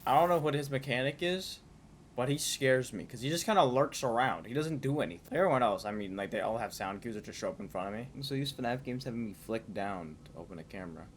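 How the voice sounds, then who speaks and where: A man's voice: mid-range voice, fast talker. Sweary young man playing a horror game. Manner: excitable, swears a lot, talks to himself. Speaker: gaming YouTuber. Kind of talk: casual gameplay commentary. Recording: noisy game audio.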